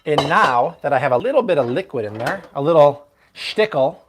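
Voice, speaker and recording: Animated, chatty man cooking live. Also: on the high side, brisk, noisy background. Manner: chatty and playful, joking with the chat. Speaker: cooking show host. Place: home kitchen.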